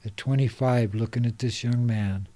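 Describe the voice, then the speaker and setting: A man's voice: mid-range voice, steady tone, moderate pace, warm tone, no echo. A middle-aged man from Salt Lake City, a podcast guest speaking earnestly and passionately in a loose, rambling way. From Salt Lake City, Utah. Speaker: guest, homeless advocate. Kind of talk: casual podcast conversation. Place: podcast studio.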